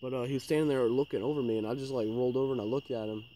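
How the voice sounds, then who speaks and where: A man tells short ghost stories on a casual podcast, rambling and swearing. He talks quickly in a dark, mellow voice. Faint outdoor noise with crickets hums behind him. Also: mid-range voice, steady tone, low-quality recording. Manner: fast, rambling, filler-heavy and swearing. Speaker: podcast co-host. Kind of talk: casual storytelling chat.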